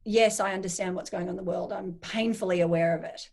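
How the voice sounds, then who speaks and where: Her voice sits on the low side and moves quickly. She's an Australian make-up artist chatting casually as an interview guest, an animated storyteller who performs the inner voices in her anecdotes.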